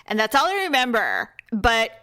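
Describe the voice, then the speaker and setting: A woman's voice: a little high, wildly swooping pitch, moderate pace, pushed and bright. A woman co-hosting a podcast in casual chat, telling stories bluntly and swearing freely. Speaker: podcast co-host.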